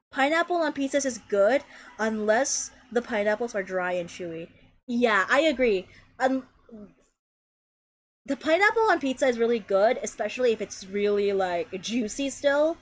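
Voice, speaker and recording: A young woman streaming a game, chatting in a bubbly, excitable, casual way. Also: on the high side, normal speed. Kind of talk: casual gameplay stream chat.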